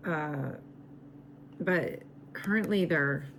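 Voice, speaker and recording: A woman reading tarot cards in a slow, musing way, her voice going raspy as she loses it. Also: low-pitched, fairly bright tone, a little hiss or hum. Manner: slow, musing, repeats herself. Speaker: tarot reader.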